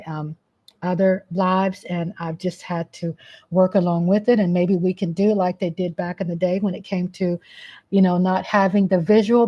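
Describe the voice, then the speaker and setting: A woman with a mid-range voice hosts a casual livestream from home, and the sound is lo-fi. She chats and rambles, cooing baby talk to her cat.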